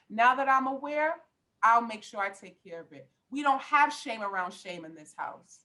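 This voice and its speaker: A woman's voice: on the high side, lively intonation, normal speed, pushed and bright, low-quality recording. A middle-aged woman life coach talking on a podcast, passionate and emphatic, with lots of preacher-like repetition. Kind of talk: podcast conversation.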